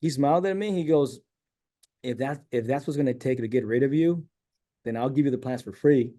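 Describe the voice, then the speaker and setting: A middle-aged man from San Diego chats as an interview guest. His voice is mellow and warm, and he winds through a personal story, acting out the people he quotes. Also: medium pitch, brisk. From San Diego, California. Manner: rambling, animated storyteller who acts out quoted dialogue.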